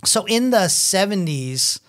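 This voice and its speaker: Crude, animated male podcast co-host. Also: high voice, slow. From United States. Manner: crude, swears a lot, animated storyteller. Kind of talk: casual chat.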